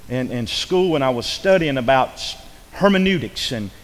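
A man preaching a sermon in a folksy, repetitive way, swinging between loud emphasis and hushed asides. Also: medium pitch, lively intonation, normal speed. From rural upbringing. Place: church. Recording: long hall reverb.

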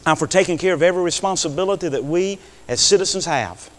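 Male preacher, fairly high voice, sermon in a reverberant church, repeats lines, calls for amens. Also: fast talker. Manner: repeats phrases, asks the congregation "amen?"; swings from soft storytelling to shouted climaxes. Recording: echoey hall reverb.

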